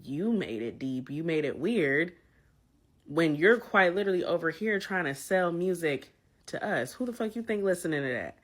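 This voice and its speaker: A woman's voice: fairly low pitch, expressive, normal speed. A woman ranting in a blunt, profane, casual way. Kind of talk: casual rant.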